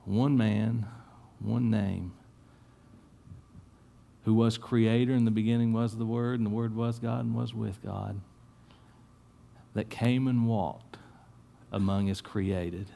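A man preaching a sermon in church, telling stories with lively swings and dropping to a hushed tone for prayer. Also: fairly low pitch, takes it slowly, creaky, pauses often. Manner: animated storytelling, repeats words, drops to a hushed tone in prayer. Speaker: pastor.

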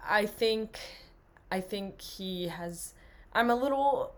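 A woman's voice: medium pitch, animated, slow pace. A young woman co-hosting a casual sports podcast, chatty and enthusiastic, laughing often. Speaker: podcast co-host.

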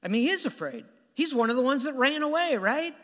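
A man preaching a sermon as animated, conversational storytelling with stammered restarts, in a church hall. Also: extremely high pitch, fairly quick. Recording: long hall reverb.

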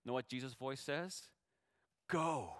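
A man preaching a sermon as pastor, moving between hushed, tender lines and loud, rising exhortation, sounding emotional and close to tears. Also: fairly high pitch, moderate pace, clear, resonant tone, no room sound.

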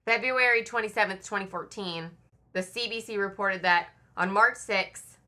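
Woman, podcast host, bright voice; true-crime chat, reads from notes, chatty asides. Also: medium pitch, moderate pace.

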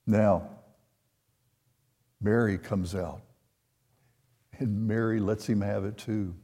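An older man preaching a sermon, retelling a scripture story in an unhurried way and voicing the quoted lines. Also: on the low side, steady tone, dark tone. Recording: long hall reverb.

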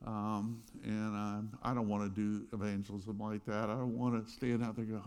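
A middle-aged man preaching a sermon, telling stories with loud bursts and quiet asides. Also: fairly low pitch, moderate pace, hardly any pauses, clear, resonant tone. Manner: animated storytelling, swings between loud bursts and quiet asides. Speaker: pastor.

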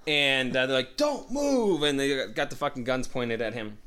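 A man's voice: mid-range voice, fairly even intonation, normal speed, sharp tone, smooth. Guy telling a story, swears constantly, does all the voices, just chatting. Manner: profane, rambling, acts out voices. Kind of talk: casual chat, telling a story.

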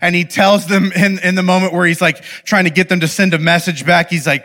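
A young man speaking to a live audience in an animated, playful way, often checking in with the audience. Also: sits high, a little fast. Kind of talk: lively talk to a live audience.

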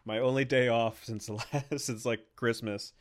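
A man's voice: medium pitch, fairly even intonation, normal speed. Sarcastic young man co-hosting a podcast. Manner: joking, teasing, sarcastic. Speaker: podcast co-host. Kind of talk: casual podcast chat.

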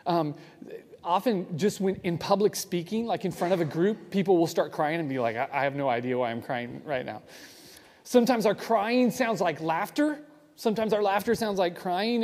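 A man preaching a sermon in a relaxed, conversational way, often asking the audience questions. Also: high-pitched. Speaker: pastor. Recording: reverberant hall.

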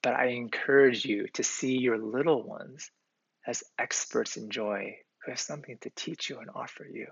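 A male pastor preaches with a gravelly, slightly husky voice, earnest and conversational, dropping in the odd filler word. The sound is dry and a little muffled. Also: mid-range voice, fairly bright tone, dry recording. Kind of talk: sermon.

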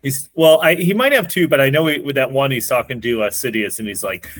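A man's voice: medium pitch, brisk, a bit bright, no echo. Upbeat man hosting, dry close sound. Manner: upbeat, runs the segment, laughs easily. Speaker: podcast co-host. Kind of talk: casual chat.

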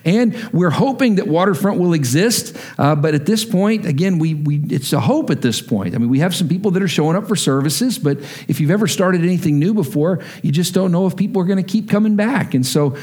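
Animated storytelling male pastor. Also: high voice, a little fast, hardly any pauses, breathy edge. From Texas. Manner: animated, acts out family members' voices. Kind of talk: sermon storytelling.

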